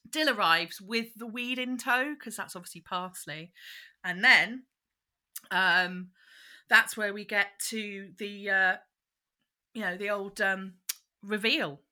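Woman co-host, bright and animated, casual recap talk. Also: mid-range voice, takes it slowly, pauses often. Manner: animated retelling, bursts into quoted voices. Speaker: podcast co-host. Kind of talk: casual chat recapping a children's show.

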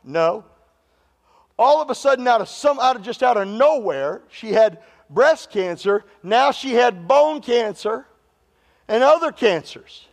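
Man, pastor, high voice, sermon, humorous call-and-response. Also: animated, a little slow, long reverb tail.

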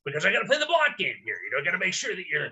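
A man co-hosting a casual podcast, joking around and bursting into loud, hammy announcer calls. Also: sits high, wildly swooping pitch, racing. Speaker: podcast co-host.

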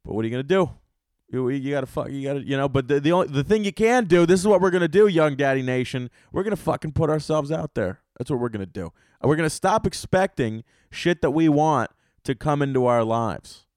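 A young man hosting a solo podcast, telling rambling, profane comic stories with bursts of loud excitement. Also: fairly high pitch, fairly quick, no room sound, studio quality. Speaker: podcast host and stand-up comedian.

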